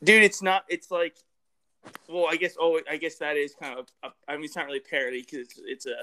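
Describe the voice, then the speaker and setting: Young male co-host, a bit high-pitched, giggly, self-amused. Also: fairly even intonation, brisk, bright, forceful tone. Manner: laughs at his own jokes, drops into quoted voices. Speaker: podcast co-host. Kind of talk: casual banter.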